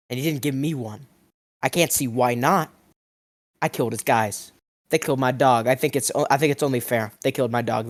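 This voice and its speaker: A young man rambles through an absurd tall tale in an ordinary middle-pitched voice. His delivery is mock-outraged, lurching from mumbling to yelling, and his voice cracks now and then. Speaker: food review vlogger. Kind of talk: absurd comedic storytelling.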